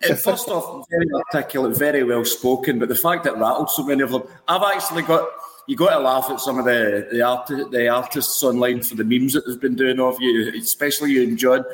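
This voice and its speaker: A man's voice: mid-range voice, brisk. A man chatting enthusiastically and laughing as he gives praise. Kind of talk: casual chat. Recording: echoey room with long reverb.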